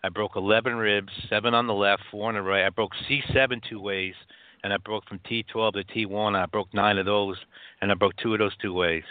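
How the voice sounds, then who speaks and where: A man from upstate New York telling his own story as a guest, halting, with many restarts and fillers, over a phone line. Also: on the low side, fairly even intonation, no room sound. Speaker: guest author.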